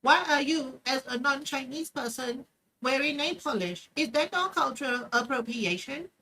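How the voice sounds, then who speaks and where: A woman's voice: high-pitched, lively intonation, normal speed, bright, forceful tone, slight background noise. A woman streamer reacting to clips in a profane, mocking rant, swearing heavily.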